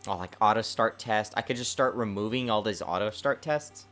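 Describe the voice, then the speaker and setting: A man streaming his game development work, talking to himself in a lively, self-mocking way. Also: on the low side, normal speed, faint music behind. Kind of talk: casual livestream dev commentary.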